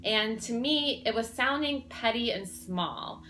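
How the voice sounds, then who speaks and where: A woman vlogger chatting straight to camera with a bright, forward tone. She rambles a little, fills gaps with ums and restarts her sentences. She sounds earnest as she shares her personal stories. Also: fairly high pitch, lively intonation, a little slow, a little hiss or hum. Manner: earnest and warm-hearted, sharing personal stories. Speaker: self-help vlogger. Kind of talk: casual talk to camera.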